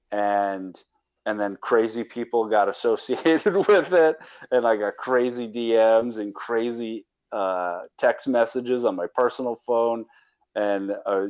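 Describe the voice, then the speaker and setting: A man's voice: fairly low pitch, a little mellow, dull audio. A man guest on a casual podcast, rambling and restarting his sentences. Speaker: caller and guest.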